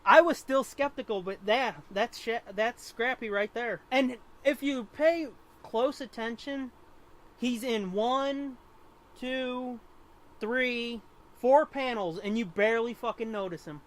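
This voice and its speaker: A man co-hosting a comic-book podcast in casual chat, excitable and profane. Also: very high-pitched, slow. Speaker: podcast co-host.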